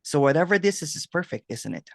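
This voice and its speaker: A man's voice: on the high side, fast, gravelly, no echo. Laughing man on a dry video call. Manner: laughs a lot, animated storytelling. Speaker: host, non-duality guide. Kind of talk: casual video-call chat.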